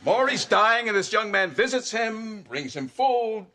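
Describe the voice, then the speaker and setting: A man's voice: high-pitched, animated, a little slow, sharp tone, heavily acted. An older man playing a pompous, self-important father who speaks in grandiose phrases. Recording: noisy TV sitcom audio.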